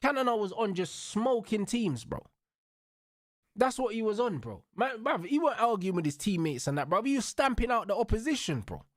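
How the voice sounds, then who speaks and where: Speaking at a normal pace in a high, sing-song voice, a young watch-along host fires off an angry football rant full of swearing and slang. It's studio quality with no room sound, and he keeps tacking bro, bruv or blood onto the end of each line.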